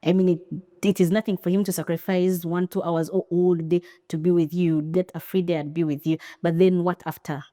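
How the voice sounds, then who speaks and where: Brief: woman podcast co-host, lower-pitched voice, dry close sound, opinionated and animated. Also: a little fast, no room sound. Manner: opinionated, animated, acts out quoted lines. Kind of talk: casual podcast chat.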